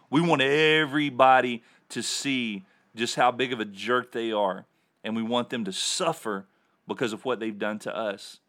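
A man's voice: mid-range voice, fairly bright tone. A man hosting a Bible teaching show, reading scripture and explaining it in an earnest, emphatic way. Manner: earnest, emphatic with repeated words. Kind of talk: sermon-style Bible teaching.

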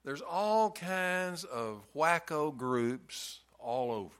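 A man's voice: on the high side, animated, extremely slow, fairly bright tone, clear, resonant tone. A man preaching a sermon in a folksy storytelling way, hammering points home with emphatic repetition.

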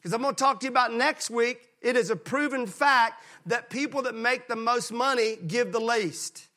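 Bright high-voiced male preacher. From Mississippi. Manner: emphatic preaching, slows down to stress key lines; acts out folksy characters in quieter voices. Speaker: pastor. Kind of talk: sermon.

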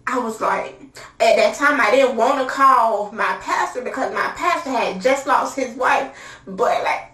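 A young woman recounts her own story in a chatty, candid way. She speaks at an unhurried pace, full of filler words, and sits some distance from the mic. The room around her is roomy and echoey. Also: fairly high pitch, a bit bright. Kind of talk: casual personal storytelling.

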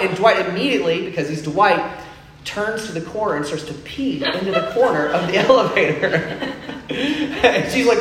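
A man's voice: sits high, animated, moderate pace, a bit bright, a little hiss or hum. A young man preaching a sermon in a casual storytelling way, full of fillers, in a church hall. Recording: echoey room, faint ambience.

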